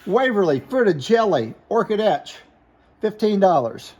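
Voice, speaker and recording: A man with a high voice runs through glassware for sale, one piece at a time. He names each item, points out chips and repairs, and gives the price in a plain, matter-of-fact way. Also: very animated, unhurried, darkish tone, slight background noise. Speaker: glass seller. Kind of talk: product showcase sales talk.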